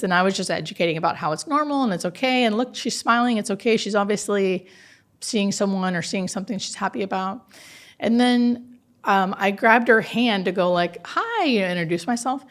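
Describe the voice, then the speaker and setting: A hospice nurse, a woman, shares stories in a conversational interview, animated and earnest and full of filler words. She talks at a medium pitch and a fairly quick pace.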